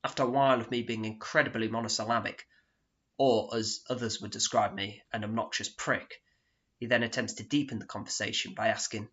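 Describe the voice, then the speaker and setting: Brief: dry self-mocking man for a solo stage monologue, bright tone, dull sound. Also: on the low side, brisk. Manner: deadpan, sardonic, self-mocking. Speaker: solo performer narrating in character. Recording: dull lo-fi recording.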